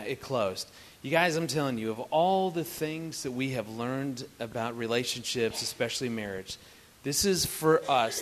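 A man with a medium-pitched voice shares a family story before a live audience in his role as a marriage speaker. He is lively and playful, joking and asking the audience questions.

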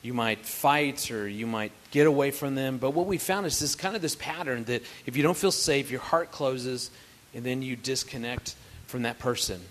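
A man's voice: mid-range voice, normal speed. A man in his forties teaching couples about marriage with an earnest, building delivery. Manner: earnest, builds to animated storytelling. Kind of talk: teaching to a live group.

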